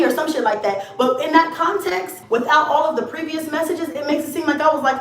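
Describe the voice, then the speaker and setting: A woman's voice: high voice, fairly quick, a bit bright, distant mic, slight background noise. A woman vlogger ranting to camera, blunt, profane and confrontational. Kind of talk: casual rant to camera. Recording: echoey room, set back from the mic.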